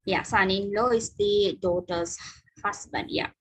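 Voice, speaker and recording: A woman's voice: medium pitch, expressive, measured pace, gravelly, breathy edge, low-quality recording. A woman teaching a spoken class, patient and encouraging with her students. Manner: patient, encouraging, mixes in Sinhala and Tamil. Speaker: English teacher. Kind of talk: online spoken English class.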